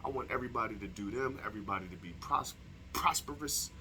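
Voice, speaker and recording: Speaking fast in a mid-range voice that sounds pushed and bright, this young man vlogs a casual opinion piece to camera with slight background noise. His monologue is heated and profane, full of rhetorical questions aimed at his viewers.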